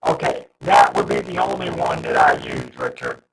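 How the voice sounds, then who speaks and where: A man's voice: rumbling low, completely flat delivery, normal speed, distant mic. A man hosting a casual livestream, flustered and restarting his sentences while he fights audio trouble. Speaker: livestream host. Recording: noisy livestream audio with hiss.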